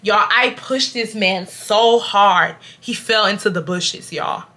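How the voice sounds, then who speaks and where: A woman in her twenties from Houston, Texas, telling a storytime to her viewers in an animated, casual way and acting out loud quotes. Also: mid-range voice, slow. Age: 20s. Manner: addresses viewers as y'all. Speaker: storytime vlogger.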